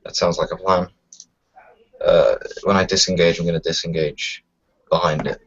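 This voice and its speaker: A man's voice: deep voice, steady tone, moderate pace, a bit bright. A man playing a tabletop game, unsure and hesitant, thinking aloud about his moves. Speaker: player. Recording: dull lo-fi home recording.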